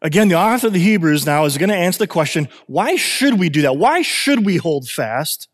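A man in his thirties gives a lively, conversational sermon, circling back and repeating phrases as he builds his point. His voice sits a little high for a man. The long reverb of a church hall trails after his words. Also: a little fast. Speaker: pastor.

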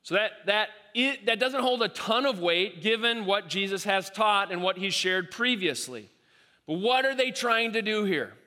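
A man preaching a sermon, animated and repeating himself as he acts out quoted voices. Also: high-pitched, normal speed. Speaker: pastor. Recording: long hall reverb.

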